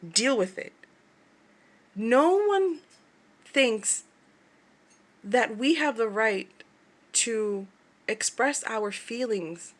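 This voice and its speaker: A middle-aged woman chatting to her camera like she's talking to friends. She laughs easily and slips into quick impressions of other people, with a voice that sits at a middle pitch for a woman. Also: fairly bright tone. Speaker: craft shop owner vlogger. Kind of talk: casual chat to camera.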